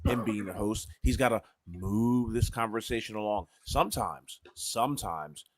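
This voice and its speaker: A man on a casual podcast with a fairly low voice, weighing in with measured opinions. He talks through a mouthful of food. The sound is dry and close. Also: no room sound. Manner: measured, talking while eating. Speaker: podcast co-host. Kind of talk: casual chat.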